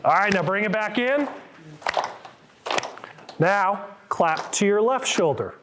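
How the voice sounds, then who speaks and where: A man's voice: high voice, animated, slow pace, noisy background. A middle-aged man, a physical therapist, coaching a live group through exercises with upbeat cues and counts.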